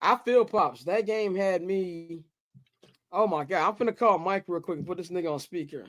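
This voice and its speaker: A man's voice: high voice, normal speed. A man hosting a talk show, brash and joking with lots of profanity. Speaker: host.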